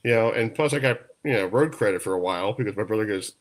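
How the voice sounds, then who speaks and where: A man from New York hosting a sports talk radio show, telling stories in a lively, laughing way. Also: on the low side, fast, a loud crowd. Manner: storytelling, animated, laughs often. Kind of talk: casual radio chat.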